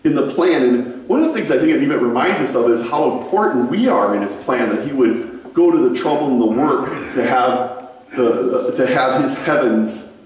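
Male pastor, conversational sermon, animated storyteller, booming church echo, distant mic. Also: moderate pace. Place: church sanctuary. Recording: very echoey room, mic far off.

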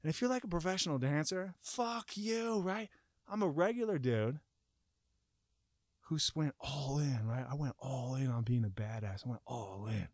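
A young man telling a personal story in a casual, profane way, acting out his own panic with sudden shouts. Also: fairly high pitch, lively intonation, normal speed, no room sound, clean studio sound.

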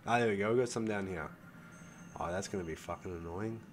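Talking fast in a low voice, an older gaming channel host gives loose commentary as he plays, musing aloud and swearing often. He refers to his audience as "folks," and a bit of background noise is audible.

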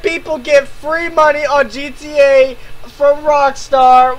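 A man ranting angrily about another creator, swearing nonstop and breaking into shouts. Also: very high-pitched, flat delivery, slow. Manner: swears constantly, swings into shouting and laughing disbelief. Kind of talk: angry reaction rant.

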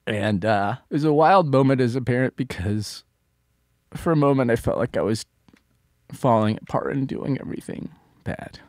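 A man co-hosting a podcast, telling a painful personal story in a halting way, often restarting and dropping his voice low. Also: no room sound, clean studio sound. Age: adult parent of a small child. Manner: halting, restarts sentences, drops to soft tones. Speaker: podcast co-host.

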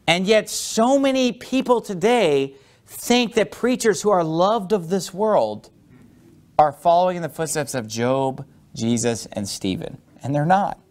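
Guy preaching a sermon, fairly high voice, gets really animated acting stuff out. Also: measured pace. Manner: animated preaching, acts out angry teeth-gritting; reads and explains scripture verse by verse. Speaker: pastor.

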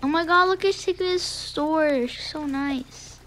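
Bright, high-voiced excitable woman gamer. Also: moderate pace. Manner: excitable and chatty, gasps often and drops to whispered asides. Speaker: gaming video creator. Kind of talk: gameplay commentary.

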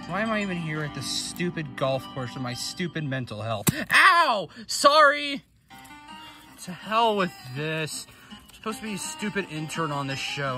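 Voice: medium pitch, voice pushed down, lightly acted. A performer doing a gloomy, mumbling intern. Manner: sulky, mumbling. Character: gloomy, self-pitying young intern. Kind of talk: amateur plush-toy dub.

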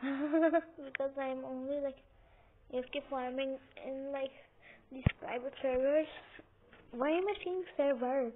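A woman's voice: sits high, a little slow. A young woman chatting casually while playing a game at home on her couch, rambling and giggling with lots of hesitations. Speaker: gaming video host. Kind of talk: casual gameplay commentary. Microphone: phone or computer mic, sometimes covered by her hand. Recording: tinny phone-like audio with faint hiss.

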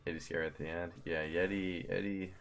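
A young man commentating his own slot stream, pleading with the game, swearing and getting excited. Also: low-pitched, normal speed, creaky, faint music behind. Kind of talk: live gambling stream commentary.

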